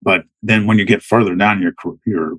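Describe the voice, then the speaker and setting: Low-voiced middle-aged man telling war stories. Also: steady tone, moderate pace, a bit bright, no echo, low-quality recording. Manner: rambling, many restarts and fillers. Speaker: podcast guest, military veteran. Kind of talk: casual storytelling.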